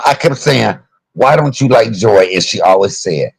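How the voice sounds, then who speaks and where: A man hosting a livestream, telling stories in an animated and profane way. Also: mid-range voice, a little slow, vocal fry, slightly rough, no room sound, poor audio. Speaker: livestream host. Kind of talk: heated live-stream commentary.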